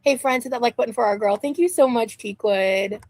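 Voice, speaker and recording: A woman's voice: fairly high pitch, fairly quick, a little mellow. A woman streamer in pain, thanking viewers effusively and swearing casually. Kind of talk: casual live stream chat.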